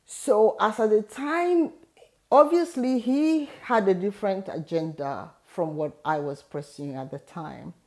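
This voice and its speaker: A woman's voice: medium pitch, measured pace, a little mellow. A middle-aged woman hosting an advice video, telling a personal story in an earnest, encouraging way. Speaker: host giving advice. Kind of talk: motivational talk.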